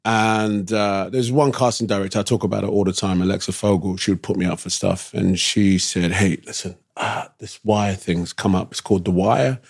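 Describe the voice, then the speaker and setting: A man with a London English accent, a guest telling relaxed anecdotes in an interview with slangy asides. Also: deep voice, moderate pace, gravelly, hardly any pauses, breathy edge, dry recording, studio quality. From England. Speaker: actor guest. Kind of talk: casual interview storytelling.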